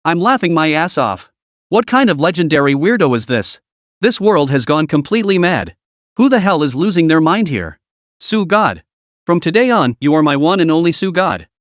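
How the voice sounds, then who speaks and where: Gleeful livestream commenters jeer and gasp in a sneering, excitable voice, as a man reading the story puts them on. The pitch jumps about animatedly, and the recording is close and dry. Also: normal speed, no echo. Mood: astonished. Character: jeering online livestream commenters, mocking and gleeful.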